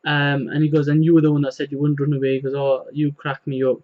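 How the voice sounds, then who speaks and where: A man's voice: on the high side, completely flat delivery, quick pace, muffled recording. A man casually recapping a manga chapter, rambling with many fillers and retelling the dialogue. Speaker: manga reviewer.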